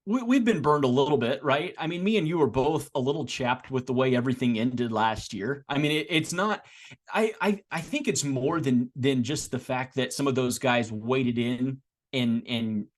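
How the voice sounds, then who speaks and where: A man co-hosting a casual sports podcast, talking in a rambling way with restarts, getting animated as he makes his points. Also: mid-range voice, moderate pace. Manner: rambling, frequent restarts and repeated words. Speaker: podcast co-host.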